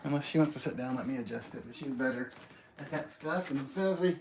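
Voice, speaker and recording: A man with an East Tennessee accent hosts a relaxed livestream and cheerfully greets viewers by name. His voice sits in an average range and carries a roomy echo. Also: mid-range voice, fast, slight background noise. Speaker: livestream host. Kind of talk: casual livestream chat. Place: outdoors by a tree.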